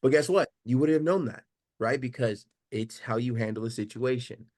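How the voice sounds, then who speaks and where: A man on a video call from home, talking in an animated, emphatic way, full of rhetorical questions and casual swearing. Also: medium pitch, normal speed, no echo, studio quality. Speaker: coaching call participant. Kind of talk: animated motivational chat. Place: home living room.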